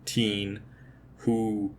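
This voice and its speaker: Chatting casually about movies as a podcast co-host, this man in his thirties is talkative and repeats words while he thinks things through. His voice is on the low side, flat in delivery, and very slow.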